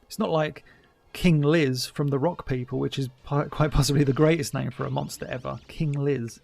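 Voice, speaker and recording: A man's voice: mid-range voice, steady tone, normal speed, creaky, a little mellow. A middle-aged man giving a casual, chatty commentary over an old cartoon, wry and mock-dismissive. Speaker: commentary host.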